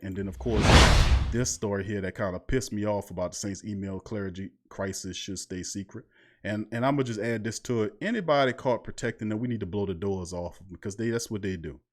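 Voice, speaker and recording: A man hosting a live call-in sports show, talking in a casual, loose, fired-up way that repeats itself. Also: lowish voice. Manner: fired-up, repetitive street talk; casual, loose delivery with restarts.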